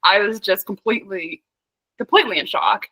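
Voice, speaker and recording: A young woman from Pennsylvania, a podcast guest, telling an animated story in casual chat, laughing often and saying "like" a lot. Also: medium pitch, normal speed, no echo, poor audio.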